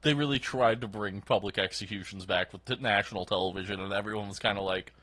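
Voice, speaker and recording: A man's voice: on the low side, fast, a bit bright, dry recording. A man co-hosting a casual podcast, jokey and putting on voices for quotes. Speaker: podcast co-host.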